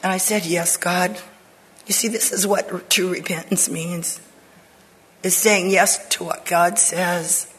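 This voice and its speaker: An older woman Bible teacher giving an earnest personal testimony to women, dropping to soft whispers for emphasis. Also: lowish voice, steady tone, takes it slowly, a little hiss or hum, low-quality recording.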